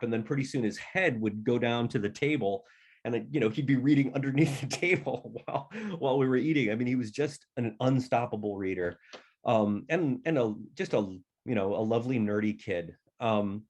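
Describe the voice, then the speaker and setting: A man's voice: mid-range voice, normal speed, darkish tone. A middle-aged man, an author, chatting casually and telling anecdotes, sometimes acting out other people's voices. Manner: chatty, acts out family members' voices in anecdotes. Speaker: author guest. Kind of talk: casual storytelling conversation.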